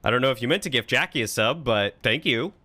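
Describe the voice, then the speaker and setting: A man's voice: mid-range voice, animated, fast talker, sharp tone. A man casually thinking aloud while streaming a strategy game, chatting with and thanking his viewers. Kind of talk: casual live-stream commentary.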